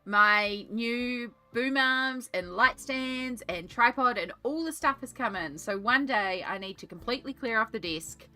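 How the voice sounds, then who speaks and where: Woman, young, crisp bright voice, chatty livestream while colouring, rambling asides, faint music behind. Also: medium pitch. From Australia. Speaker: artist and streamer. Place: home art desk.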